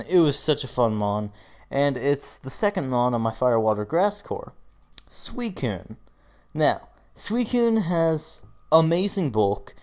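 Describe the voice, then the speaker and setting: A man's voice: mid-range voice, darkish tone. A tired young man talking casually through his team picks, rambling, swearing often and yawning. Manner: casual and profane, rambling with fillers. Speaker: YouTuber doing a draft analysis. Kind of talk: casual commentary.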